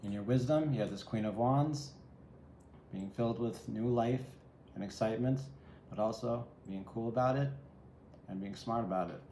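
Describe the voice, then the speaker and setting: A man's voice: medium pitch, moderate pace, warm tone. A man giving a solo tarot reading, musing and reflective, speaking straight to the viewer. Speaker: tarot reader. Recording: echoey room with faint ambient noise.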